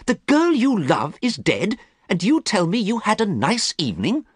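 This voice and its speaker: A man's voice: sits high, wildly swooping pitch, moderate pace, breathy edge, no echo, clean studio sound, voice pushed up, full character voice. A man voicing a worried, earnest male painter who pleads with a friend, in a storybook reading. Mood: pleading. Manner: pleading, anxious.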